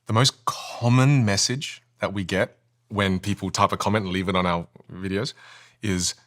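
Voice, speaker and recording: A man's voice: low voice, fairly even intonation, moderate pace, fairly bright tone. A man who coaches communication, explaining with energy and emphasis in a podcast interview and often asking rhetorical questions.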